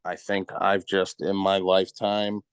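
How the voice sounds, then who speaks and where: A husband in a counseling session talks about himself candidly and a little hesitantly. His voice is very low and stays flat. It is recorded close and dry. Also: unhurried, clear, resonant tone, no echo.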